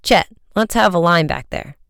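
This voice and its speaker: An eager, quick teenage boy, as an audiobook reader puts him on, calling out over a roaring motor. The voice is crisp and very clear, recorded close and completely dry. The delivery is raised and excited. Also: mid-range voice, no room sound, close to an everyday voice. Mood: urgent. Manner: shouting over an engine, excited. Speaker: younger brother at the wheel.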